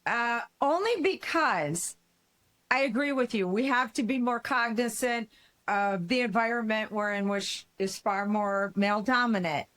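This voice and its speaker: A woman co-hosting an interview, talking in a measured, reflective way. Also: on the high side, fairly bright tone. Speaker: co-host. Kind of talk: casual interview talk.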